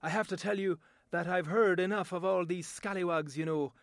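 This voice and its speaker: A man's voice: sits high, steady tone, a little fast, no room sound. A man doing a lilting Welsh shopkeeper. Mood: chatty.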